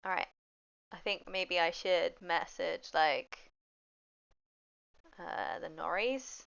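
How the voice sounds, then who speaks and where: A woman's voice: fairly low pitch, slow, vocal fry, a bit bright, smooth, no room sound. A woman playing a tabletop game, chatting and asking questions in a giggly way. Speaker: player. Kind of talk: casual tabletop play. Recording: dull lo-fi mic.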